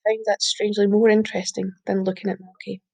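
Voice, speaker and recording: A woman reads a short story aloud in a mid-pitched voice. Her reading is steady and unhurried, with the odd slip she stops to correct. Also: vocal fry. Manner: steady reading with small slips and self-corrections. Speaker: reader. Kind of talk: audiobook reading.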